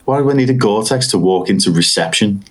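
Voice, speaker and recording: Very deep-voiced mocking man. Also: animated, fast talker, crowd noise. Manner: mocking, sarcastic. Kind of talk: crude casual banter.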